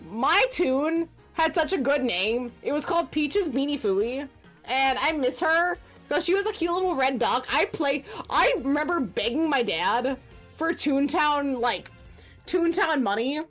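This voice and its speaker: A woman in her forties streaming a game, chatting casually and ranting with profane, animated outbursts. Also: high voice, unhurried, faint music behind. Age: 40s. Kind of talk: casual gaming stream chat.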